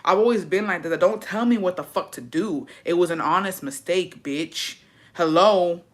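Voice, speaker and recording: Her voice sits on the low side and moves at a moderate pace as she chats through a casual storytime. The English-speaking vlogger is profane, brash and sassy, and she keeps calling viewers her besties.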